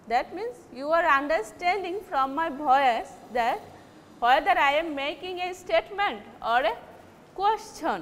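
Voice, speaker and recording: A woman teaching an English lesson, explaining slowly and often restarting or correcting herself. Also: very high voice, animated, a bit bright. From Bangladesh. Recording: reverberant hall with faint noise.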